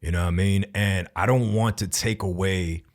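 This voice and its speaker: A man's voice: deep voice, steady tone, moderate pace. A man hosting a podcast, talking in a laid-back, slangy way in casual conversation. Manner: laid-back slangy talk with frequent laughs.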